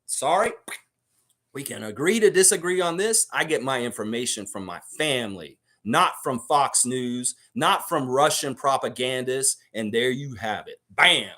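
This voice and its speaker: A man's voice: mid-range voice, expressive, a little slow, pushed and bright. A man from the Baltics hosting a sports livestream, amped up and profane as he rants and reads out chat comments. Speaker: livestream host.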